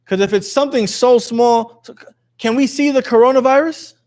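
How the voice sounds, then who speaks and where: A man's voice: very high voice, fairly quick, a little mellow. A man teaching a lesson to a class, quizzing his students in a jokey way and reading passages aloud. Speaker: religious teacher.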